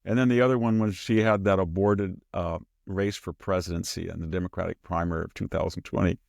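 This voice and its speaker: A man hosting a podcast, giving casual political commentary as an animated storyteller who slips into mimicking the people he quotes and chuckles mid-sentence. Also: low voice, fairly quick, vocal fry, dry recording, clean studio sound. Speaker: podcast host.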